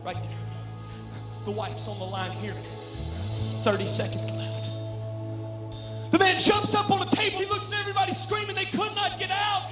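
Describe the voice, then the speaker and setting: A man with a strikingly high voice tells a sermon story with theatrical passion. His voice rings through a large, echoey hall with a long reverb, and music plays clearly underneath. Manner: impassioned, theatrical, dramatic. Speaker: preacher.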